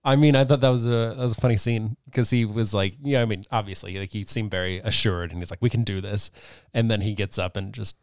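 A man's voice: fairly low pitch, fairly even intonation, quick pace, hardly any pauses, clean tone, no echo, clean studio sound. A man co-hosting a podcast, giving firm opinions in casual chat. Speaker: podcast co-host. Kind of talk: casual movie-discussion chat.

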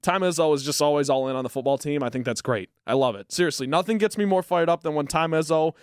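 A man with a somewhat high voice, trading short quips and dry jokes about college sports. He speaks in a relaxed chat manner and sounds close and dry. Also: smooth, dry recording. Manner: quick interjections, dry humor.

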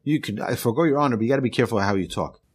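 Man, rabbi, earnest emphatic teaching, tells stories, mid pitch. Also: very fast, slightly rough. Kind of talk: spoken lesson on a podcast.

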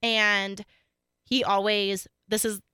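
A young woman co-hosting a casual true-crime podcast, chatty and animated, often saying "like" and acting out quotes. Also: mid-range voice, slow, clear, resonant tone, no room sound, studio quality. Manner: chatty, animated, says "like" a lot, acts out quotes. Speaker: podcast co-host.

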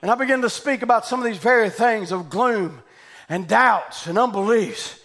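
Very high-voiced fervent preacher. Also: male voice, moderate pace. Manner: fervent, shouting, exclaims hallelujah. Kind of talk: revival sermon and prayer. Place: church building with congregation.

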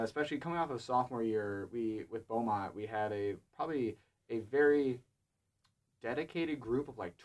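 A young man who produces a student show, talking casually in a relaxed, rambling way with many fillers. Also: on the low side. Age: young adult. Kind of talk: casual panel chat.

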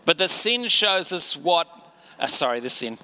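A male preacher gives a sermon at an unhurried pace. His voice sits a little high and sounds bright. He keeps it conversational and keeps turning to the congregation with rhetorical questions. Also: sing-song.

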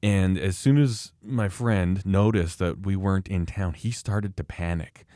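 Podcast host, man with a deep voice, chatty storyteller, dry close mic. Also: unhurried, mellow, dry recording. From Canada. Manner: rambling storyteller, frequent restarts. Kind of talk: casual conversation.

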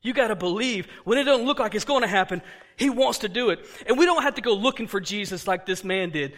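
Male pastor preaching to his church, lively, acts out scenes, high and bright voice. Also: quick pace. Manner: animated, acts out dialogue, laughs often. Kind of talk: sermon.

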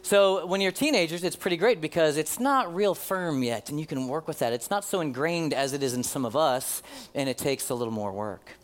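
A man's voice: on the high side, lively intonation, brisk. A man preaching a sermon to his congregation in a conversational way, with ums and uhs. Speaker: pastor.

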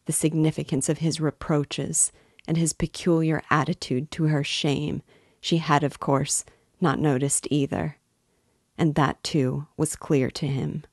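Woman narrator, novel audiobook, measured and expressive, unhurried pace. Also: low-pitched, slightly rough, dry recording, clean studio sound. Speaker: reader and guide of a book series. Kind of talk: audiobook reading of a classic novel.

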